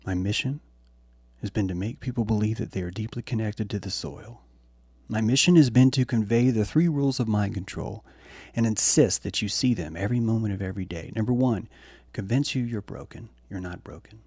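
A man streaming a blunt, profane and preachy monologue that swings between loud outbursts and hushed asides. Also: lowish voice, husky, no echo. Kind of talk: impassioned monologue.

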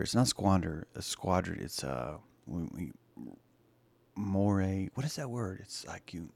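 A man's voice: low-pitched, no echo. A man hosting a video, rambling jokily through a comedic commentary, stumbling and searching for words. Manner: rambling, jokey, full of restarts and word hunts. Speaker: video host.

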